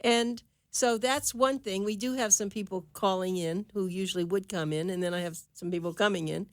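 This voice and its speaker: A woman's voice: medium pitch, fairly even intonation, no room sound. An older woman hosts a radio talk show from the studio, chatting in an easygoing way. Her voice sits in a middle range and sounds dry and close on the microphone. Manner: chatty, easygoing, quick to laugh. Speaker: radio host. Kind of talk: casual radio chat.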